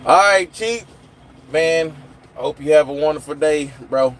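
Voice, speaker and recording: A man's voice: a little high, a little slow, slight background noise. Chatty man on a phone livestream. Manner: rambling, chatty, answers chat comments. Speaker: livestream host. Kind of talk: casual live chat with viewers.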